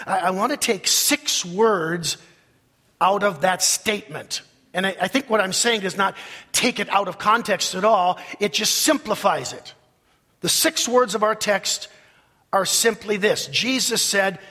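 A man preaching a sermon as pastor, leading the congregation in slow, emphatic repetition in a church sanctuary. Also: sits high, expressive, sharp tone, husky. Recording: long reverb of a large hall.

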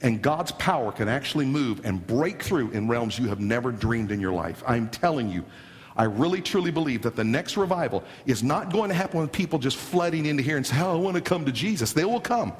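A man preaching a sermon dramatically, swinging from hushed lines to near shouts. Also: mid-range voice, expressive, brisk. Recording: long hall reverb.

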